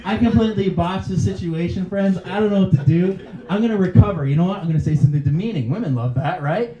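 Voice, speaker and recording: A male comedian working a club crowd, breaking into laughter at his own lines and talking straight to people in the seats. His voice is mellow and sits a bit high for a man. The sound is roomy and dull, with faint noise behind it. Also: quick pace. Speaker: stand-up comedian. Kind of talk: stand-up comedy set. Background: faint audience laughter.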